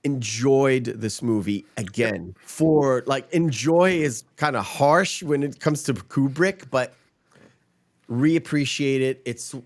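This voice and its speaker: A man's voice: mid-range voice, slow. A man hosting a podcast in casual chat, rambling and emphatic, swearing freely. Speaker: podcast host.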